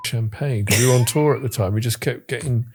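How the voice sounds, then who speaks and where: A man's voice: mid-range voice, fast talker, husky. A man in his sixties, a guest on a chat show, telling self-deprecating stories. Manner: self-deprecating, animated storytelling. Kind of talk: casual chat.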